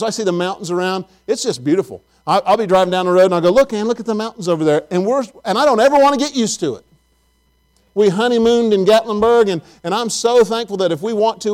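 A man's voice: sits high, a little mellow. A middle-aged man, preaching a sermon in a folksy, chatty storytelling way and talking directly to his congregation. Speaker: pastor.

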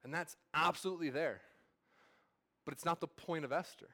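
A man's voice: fairly high pitch, brisk, bright, forceful tone. A man in his thirties, a pastor, preaching a sermon at a church service in a casual, storytelling way full of fillers and restarts.

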